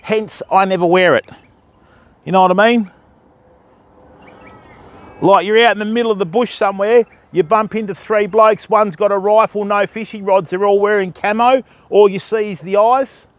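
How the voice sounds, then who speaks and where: A young Australian man talks over his fishing gear in relaxed, joking banter, calling his viewers mate. His voice sits high for a man. He sounds like he is out by the river streaming live. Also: normal speed, no room sound. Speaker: fishing vlogger. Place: outdoors by a tidal river.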